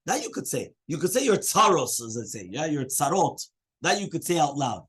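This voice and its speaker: A man, a rabbi, teaching a daily Talmud lesson to students. He talks in an animated way, weaves Hebrew and Aramaic terms into his explanations, and keeps asking "right?" and "you understand?". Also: on the high side, fairly quick, slightly rough.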